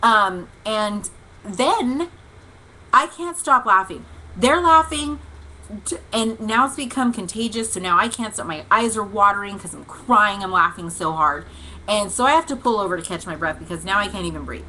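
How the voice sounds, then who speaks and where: A woman hosting a livestream devotional, telling a long casual story in an animated, chatty way, with lots of "like" and "okay" and bursts of laughter. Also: medium pitch, normal speed, low-quality recording. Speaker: host. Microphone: livestream webcam mic.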